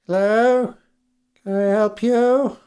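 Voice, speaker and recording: A man's voice: high voice, fairly even intonation, slow pace, warm tone, clean tone, voice pushed up. A man voicing a suspicious middle-aged woman householder in a tabletop game, wary and curt. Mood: hesitant. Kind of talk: tabletop game role-play.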